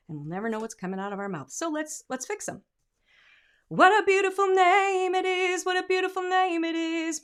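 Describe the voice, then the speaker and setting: Upbeat woman teaching singing. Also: medium pitch. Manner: demonstrative, sings example lines; drops to asides and quiet comments. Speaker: vocal coach. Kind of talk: singing lesson.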